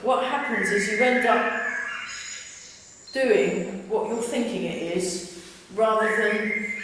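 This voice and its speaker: Chatty London woman teaching tai chi. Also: fairly high pitch. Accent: London English. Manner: chatty, restarts sentences. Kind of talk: guiding a class through exercises. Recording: echoey hall, distant mic, loud background noise.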